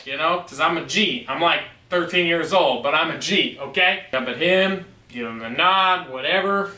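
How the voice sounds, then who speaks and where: Vlogger, male, slightly high voice, storytelling, a bit off-mic. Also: moderate pace, bright, forceful tone, distant mic. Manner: emphatic, insistent storytelling. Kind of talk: storytelling vlog. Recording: echoey room, away from mic.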